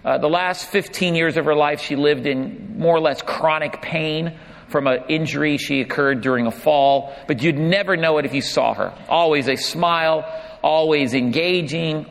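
A man's voice: a little high, moderate pace. Man preaching in an echoing hall. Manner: warm humorous storytelling turning reflective. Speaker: pastor. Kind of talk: sermon. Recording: long reverb of a large hall.

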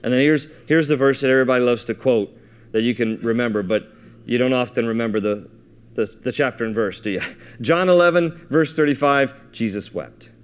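A man's voice: medium pitch, fairly quick, clean tone. A man preaching a sermon, reading scripture aloud and explaining it in a casual, thinking-aloud way with frequent restarts. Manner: reads scripture aloud, then explains it conversationally; repeats and restarts words while thinking aloud. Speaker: pastor.

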